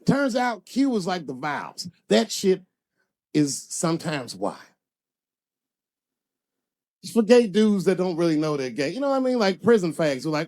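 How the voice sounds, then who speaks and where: A man performing a stand-up comedy set, telling stories with animated delivery and acting out other people's voices. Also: sits high, normal speed, pauses often. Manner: animated storytelling, acts out characters' voices.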